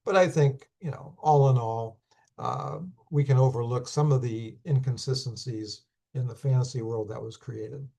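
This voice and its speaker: Hoarse man giving a relaxed lecture. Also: mid-range voice. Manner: unhurried, thinking aloud with many fillers and restarts. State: hoarse, losing his voice. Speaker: teacher. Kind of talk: recorded class lecture.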